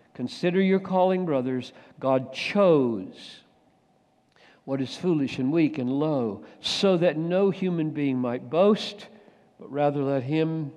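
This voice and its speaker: Male preacher, warm and mellow, rising to urgent bursts and dropping to hushed asides, long hall reverb. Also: medium pitch. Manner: swings from loud urgent bursts to hushed near-whispers. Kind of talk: sermon.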